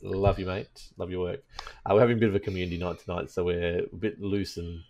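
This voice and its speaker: A man's voice: low-pitched, flat delivery, quick pace, mellow, a little hiss or hum. A man hosting a casual gaming podcast, rambling and joking with his co-hosts. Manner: rambling, jokey, laughs often. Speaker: podcast host.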